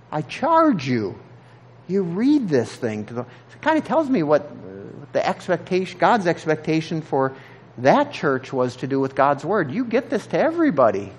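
A man preaching a sermon in an earnest, halting way, often repeating words as he searches for the next thought. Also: fairly high pitch. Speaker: pastor.

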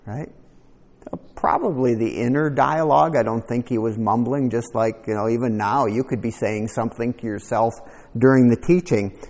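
Male pastor, conversational sermon, animated asides, long hall echo. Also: medium pitch.

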